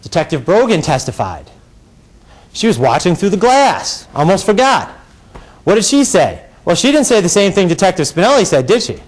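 A middle-aged man, a defense lawyer giving a closing argument in a courtroom, firing rhetorical questions at the jury and swinging between quiet and raised delivery. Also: high voice, sing-song, moderate pace.

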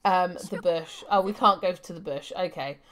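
A woman's voice: lowish voice, normal speed, a bit bright. A young adult woman giving chatty live gameplay commentary, thinking aloud with fillers and laughing often. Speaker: game streamer.

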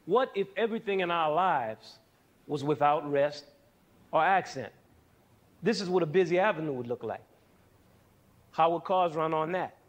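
A man's voice: fairly high pitch, expressive, moderate pace, pauses often. Man teaching music with questions. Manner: asks questions and answers them; demonstrates with counting and sounds. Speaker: music educator hosting a TV series. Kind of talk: televised music lesson to young audience.

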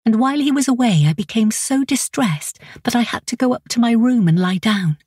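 A woman reading a first-person novel as an audiobook narrator, in an intimate, anxious and measured way. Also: fairly high pitch, expressive, a little mellow, slightly rough, no room sound, studio quality.

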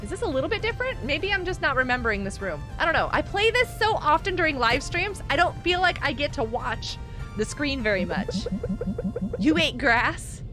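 A woman hosting a live gaming stream, chatting excitably as she plays and reads out and thanks viewers from the chat. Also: sits high, a little fast, over music.

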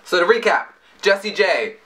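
A man with a fairly high, bright voice that swings all over the place. He talks casually and jokes around, often jumping into sudden high yelps. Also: moderate pace. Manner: jokey and animated, breaks into high yelps. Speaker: vlogger reviewing song lyrics. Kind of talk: casual comedic commentary.

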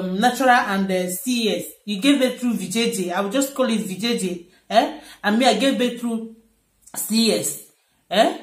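A woman's voice: fairly high pitch, roomy sound. A young woman ranting heatedly to her vlog audience, repeating herself and firing rhetorical questions. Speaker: vlogger. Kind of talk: angry rant to camera.

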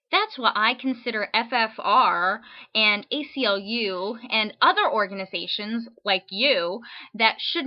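A woman's voice: medium pitch, muffled recording. A woman reading hostile letters aloud in a dry, mock-serious recitation.

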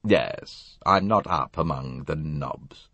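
A man as a gruff, defiant young man. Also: rumbling low, takes it slowly, a bit bright, no echo, dull audio, heavily acted. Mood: casual. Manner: blunt and gruff.

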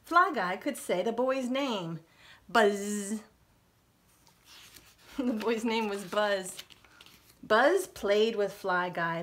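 A middle-aged woman reading a picture book aloud to young children as a librarian, with slow, expressive delivery. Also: mid-range voice. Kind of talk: children's storytime read-aloud.

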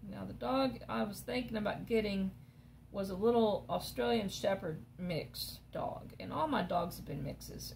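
A woman's voice: medium pitch, moderate pace, creaky, a little hiss or hum. A woman, chatting casually and rambling through stories as she crafts. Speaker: crafting vlogger. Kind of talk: casual chat while crafting.

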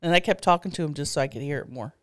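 A woman's voice: low voice, rapid-fire, a bit bright, dry recording, clean studio sound. A woman co-hosting a casual comedy podcast, chiming in with playful, jokey asides. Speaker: podcast co-host.

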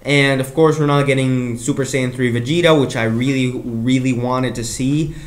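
Male fan reviewer, mid pitch, rambling and excitable, echoey room sound. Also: moderate pace. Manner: excitable, rambling, laughs often, mimics characters. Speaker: anime reviewer. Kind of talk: casual video review.

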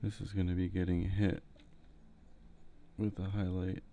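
A man giving a relaxed, rambling painting tutorial with jokey asides, talking into a headset mic. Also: low voice, unhurried, gravelly, a little hiss or hum. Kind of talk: casual tutorial commentary while painting. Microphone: headset mic, breathing into it.

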